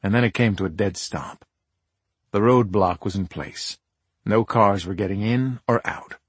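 A man narrating a first-person crime audiobook in a steady, tense way. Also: lowish voice, unhurried, husky, no echo.

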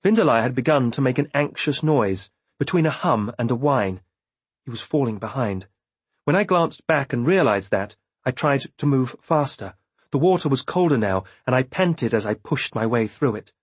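A man reading a novel aloud in first person with measured, steady storytelling. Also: mid-range voice, husky, dry recording. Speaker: audiobook narrator. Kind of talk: scripted first-person narration.

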